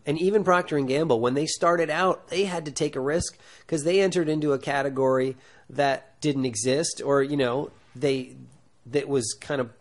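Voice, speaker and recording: A man giving acting advice in a loose, rambling talk full of fillers and restarts, getting animated as he goes. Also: medium pitch. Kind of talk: casual talk to camera.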